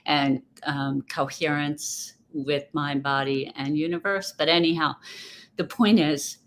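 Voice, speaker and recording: A woman's voice: deep voice, fairly even intonation, a little slow. A woman guest speaking in a casual interview, reflective and rambling, often restarting her thoughts. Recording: faint background noise.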